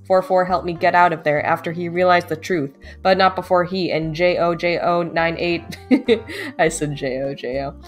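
A quirky male lab rat with robot parts, rambling through a strange life story in an even, matter-of-fact voice, as a woman reads him. Faint music plays underneath. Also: on the low side, natural voice.

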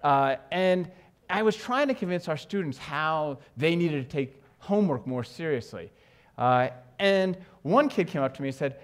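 Animated man giving a conference talk. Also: on the high side, moderate pace. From New York. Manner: animated, jokey, asks the audience questions. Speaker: education speaker. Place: conference stage.

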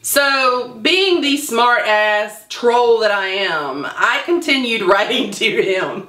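A woman's voice: a little high, animated, slow, few pauses, sharp tone. A woman vlogger telling a story in a casual, sarcastic way, laughing and sounding incredulous. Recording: echoey room.

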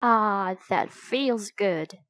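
A woman's voice: medium pitch, extremely slow, fairly bright tone, no room sound. A woman doing a joking, grumbling boy. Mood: playful. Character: boy, joking and a bit whiny.

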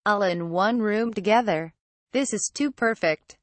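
A woman voicing a cruel, sneering middle-aged male cop who taunts slowly and menacingly. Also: mid-range voice, no room sound, natural voice. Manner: slow, mocking, menacing.

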